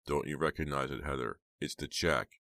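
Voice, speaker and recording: A man voicing a smug, calm teenage boy who is a killer in an audiobook, speaking coolly and self-satisfied. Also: extremely low pitch, moderate pace, vocal fry, no echo, exaggerated voice. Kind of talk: audiobook character voice.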